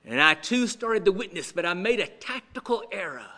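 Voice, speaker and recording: A man voicing an injured male rabbi in a joke, speaking lower and quieter with rue. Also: big pitch swings, moderate pace, exaggerated voice. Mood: rueful. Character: rueful male rabbi in a full body cast.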